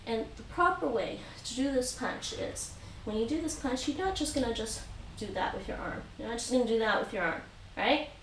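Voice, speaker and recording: Speaking a little fast and barely pausing, this woman has a slightly high, animated voice as she leads a live-streamed home taekwondo class. She patiently repeats her instructions and counts the reps out loud. Sound comes through with roomy echo, faint noise, and a mic placed at a distance.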